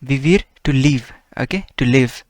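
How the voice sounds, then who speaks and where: A man's voice: medium pitch, moderate pace, a little mellow, no echo. A man explaining grammar in a Spanish lesson, patiently going through each rule and asking "okay?" and "right?" as he goes. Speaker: Spanish teacher.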